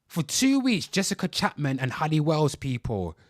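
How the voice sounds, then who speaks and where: A man's voice: on the high side, big pitch swings, moderate pace, no echo, studio quality. A man hosting a livestream, ranting angrily about news stories, swearing heavily and calling out to his viewers. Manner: profane, heated, keeps addressing viewers. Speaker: livestream host. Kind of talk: angry news rant.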